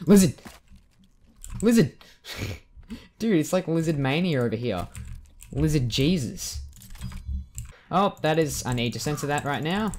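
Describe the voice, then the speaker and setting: A man giving let's play commentary at his computer, joking and reacting with excitement to the game as he plays. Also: on the high side, unhurried, long pauses, slight background noise. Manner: excitable, jokey, yelps and laughs at the game. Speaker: gaming YouTuber.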